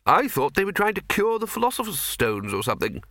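A blustering, no-nonsense old head wizard, as a man puts him on, barking and grumbling in a raised, lively voice in a storybook reading. The sound is bright and dry, close to the mic. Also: sits high, brisk, no room sound, pitched above the performer's own voice, heavily acted. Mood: brusque. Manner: gruff, brusque, snapping. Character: blustering older male wizard head, brusque.

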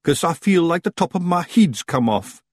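A man's voice: on the high side, very animated, moderate pace, a little mellow, dry recording, studio quality, voice pushed up. Man doing rowdy little Scottish fairy men. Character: tiny rowdy fairy men, brash and gruff.

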